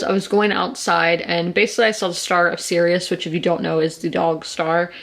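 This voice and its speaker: A woman's voice: fairly low pitch, creaky, a bit bright. A woman, chatting at home in a rambling, anxious way for a sit-down vlog. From South Carolina. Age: 20s. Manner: rambling, filler-heavy, anxious storytelling. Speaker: vlogger. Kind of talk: casual sit-down vlog chat. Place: indoors, a room in her home.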